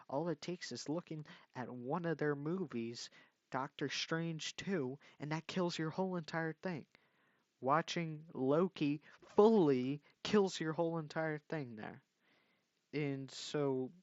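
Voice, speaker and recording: Young guy ranting slow and sarcastic, dry dull lo-fi mic. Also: medium pitch, no echo. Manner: exasperated, mocking, swears. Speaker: commentary youtuber. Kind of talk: rant commentary video.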